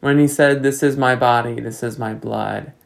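Gravelly-voiced male pastor preaching earnestly. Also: medium pitch, fairly even intonation, rough recording. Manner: measured, earnest preaching with rising rhetorical questions. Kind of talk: sermon.

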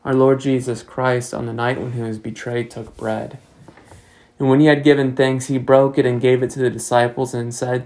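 A male pastor delivering a sermon in a measured, earnest way, building to pointed rhetorical questions. His voice sits in a middle pitch with a gravelly, fry-tinged edge. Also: little pitch movement, darkish tone, low-quality recording.

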